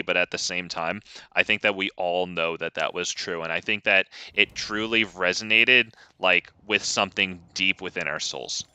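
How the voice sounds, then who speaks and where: Young man, casual gameplay commentary, wry and chatty, very bright smooth voice, close dry mic. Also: low-pitched, no room sound. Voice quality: chatty, wry, lots of ums.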